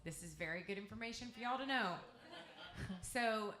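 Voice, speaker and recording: A woman's voice: medium pitch, unhurried, sharp tone. A woman from East Texas with an East Texas accent, telling a candid, profane, rambling story between songs as a guest singer-songwriter. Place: music club stage. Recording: echoey live club room.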